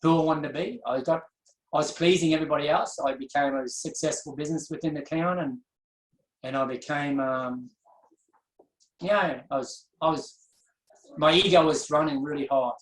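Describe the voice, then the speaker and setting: A man telling his personal story as an interview guest, earnest and reflective, pausing and restarting as he goes. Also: on the high side. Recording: echoey room.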